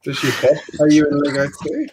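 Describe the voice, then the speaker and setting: A man's voice: fairly high pitch, steady tone, a little fast, darkish tone, breathy edge. Dry, teasing male stream host. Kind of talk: casual chat hosting a live stream.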